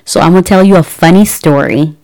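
Low-voiced woman telling a story. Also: fairly quick, dark tone. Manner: chatty, many fillers and restarts, acts out quotes. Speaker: podcast host. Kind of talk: casual storytelling.

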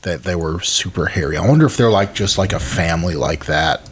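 A man's voice: low-pitched, fairly quick, slightly rough. A young man co-hosting a casual podcast, rambling and hesitant, with many fillers. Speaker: podcast co-host.

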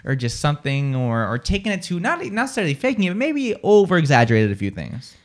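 A man's voice: fairly high pitch, wildly swooping pitch. A young adult man hosting a morning radio show, rambling casually with lots of "like". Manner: rapid, rambling talk with many "like"s. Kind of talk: casual chat. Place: radio studio.

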